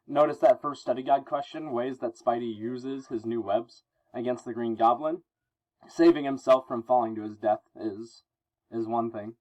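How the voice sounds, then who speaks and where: A male teacher reading through a comic book with his class and explaining it in a relaxed way. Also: mid-range voice, moderate pace, rough recording. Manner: explanatory, relaxed, many fillers.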